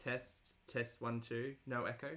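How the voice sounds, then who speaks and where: A woman's voice: a bass voice, little pitch movement, a little slow, fairly bright tone. A woman hosting a livestream reaction show, chatty and sarcastic as she reads out chat messages. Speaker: reaction channel host.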